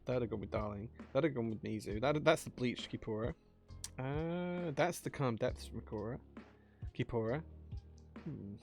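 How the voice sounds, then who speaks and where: A man's voice: mid-range voice, moderate pace, darkish tone, faint music behind. A man streaming live, chatting casually while he builds a keyboard, thinking aloud and answering chat.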